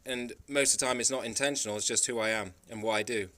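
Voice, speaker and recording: A fast-talking travel vlogger from the Isle of Man, his mid-range voice pushed and bright, rambles through emphatic travel stories. He restarts often in this casual monologue.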